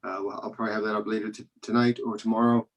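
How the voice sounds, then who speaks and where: A man's voice: fairly low pitch, little pitch movement, very fast. A man hosting a comedy show over a video call, wrapping up in a rambling, hesitant way with many restarts. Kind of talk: casual hosting, closing remarks.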